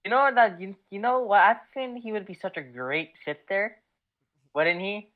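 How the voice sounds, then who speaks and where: A young woman co-hosting a podcast, trading quick teasing banter in a casual sports chat. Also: medium pitch, expressive. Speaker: podcast co-host. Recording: dull lo-fi mic.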